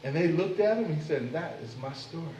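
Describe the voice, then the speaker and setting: A man's voice: a little high, lively intonation, quick pace, dark tone, dull audio, a little hiss or hum, lightly acted. A man voicing a sly male trickster spider in a told folk tale, with a drawling, exaggerated delivery. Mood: boastful. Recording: echoey room, mic far off.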